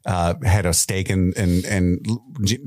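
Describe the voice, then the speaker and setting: A man co-hosting a podcast, chatting casually and profanely about a movie with big swings in pitch. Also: unhurried. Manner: animated, profane, swings pitch widely for emphasis. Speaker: podcast co-host. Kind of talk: casual movie review chat.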